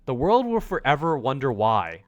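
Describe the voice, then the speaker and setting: A man voicing a pompous, haughty male chef from a video game's journal, reading the chef's entries in a lowered, disdainful tone. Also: very animated, normal speed, dull audio, faint music behind, lightly acted.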